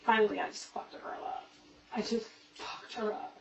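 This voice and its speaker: A woman venting fast and profanely, telling a long story in a police interview room on a hidden camera. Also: on the high side, flat delivery, gravelly, a little hiss or hum. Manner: rapid, profane, repetitive venting. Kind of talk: casual storytelling. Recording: echoey, distant, muffled hidden-camera audio.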